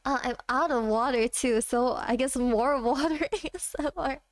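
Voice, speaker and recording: Giggly high-voiced woman streamer. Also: no echo, clean studio sound. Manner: giggly, chatty, quick asides while reading chat. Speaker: VTuber streamer. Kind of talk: casual chat with viewers between karaoke songs. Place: home room.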